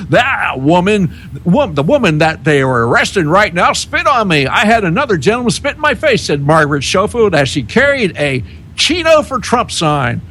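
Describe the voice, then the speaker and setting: Co-host, male, high animated voice, halting delivery, faint background rumble. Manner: halting, stumbling restarts, laughing. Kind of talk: casual political talk radio.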